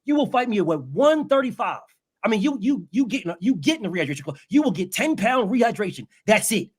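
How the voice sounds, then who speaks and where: A man's voice: high voice, sing-song, quick pace, breathy edge, exaggerated voice. A man impersonating a brash, cocky male champion boxer who dictates terms in a boastful, profane way. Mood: boastful, demanding. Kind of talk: impression in a boxing debate.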